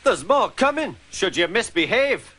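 A blustering Scottish steam engine, put on by a man reading the tale, pitched well above his own voice. The engine scolds hotly and swings his voice up and down with temper. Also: big pitch swings, measured pace, bright, forceful tone, full character voice. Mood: scolding. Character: grumpy Scottish male twin steam engine.

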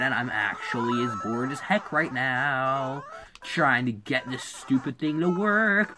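A woman's voice: very deep voice, a little slow, slight background noise. A woman giving casual commentary while playing a video game, muttering, repeating herself and scolding the game when it goes wrong. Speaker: gaming YouTuber. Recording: game music behind the voice.

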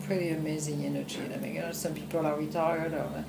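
An older woman with a French accent, a film editor telling lively anecdotes in a conversational interview, with frequent laughs. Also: low voice, quick pace, creaky, reverberant, heavy background noise. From France. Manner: animated anecdotes with frequent laughs and "you know". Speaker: film editor and director, guest.

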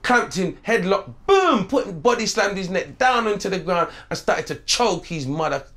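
A middle-aged man from St Vincent a lilt, telling his life story in an interview in a lively, swearing way and acting out the voices he quotes. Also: high-pitched, moderate pace. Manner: animated, streetwise, swearing, acts out quoted voices. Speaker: interview guest.

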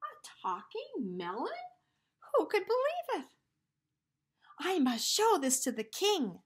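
A woman reading a storybook aloud, voicing a big, gullible male elephant in a lower, slow, amazed voice. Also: huge pitch swings, a bit bright, breathy edge, exaggerated voice.

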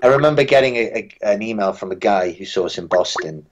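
A British musician guest in a casual interview, telling dry, wry anecdotes with frequent restarts. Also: male voice, lowish voice, expressive, fast talker, muffled recording, background noise. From Britain.

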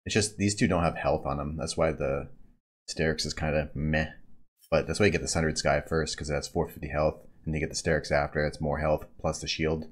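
A man streaming a video game and talking over his play, swinging from calm build talk to excited yelling at big plays. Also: a bass voice. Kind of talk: gameplay commentary.

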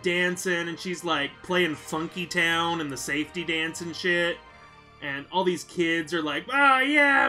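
A young man hosting a let's play, casually retelling a film in a rambling, filler-heavy way. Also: on the high side. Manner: rambling, filler-heavy storyteller who acts out quotes loudly.

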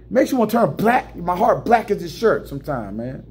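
A middle-aged American truck driver venting in an emotional, preachy vlog monologue indoors at a terminal, sliding between low mutters and high emphatic bursts. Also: male voice, sing-song, a little fast, a little mellow, breathy edge. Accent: American English.

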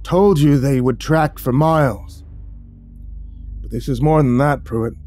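A man doing a slow, weary older hunter. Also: medium pitch, a little mellow, faint music behind, natural voice. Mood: stern.

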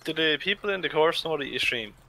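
A man's voice: fairly high pitch, expressive, fast, creaky, bright, forceful tone, poor audio. A young man chatting casually with a friend during a game, easygoing and teasing. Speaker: friend playing along. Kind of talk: casual gaming chat.

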